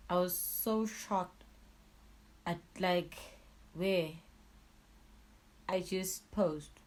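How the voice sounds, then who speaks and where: Low-voiced young woman, storytelling. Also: very slow, long pauses, rough recording. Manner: raw, emotional, switching between hushed and loud. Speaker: YouTuber. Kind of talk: emotional storytime vlog.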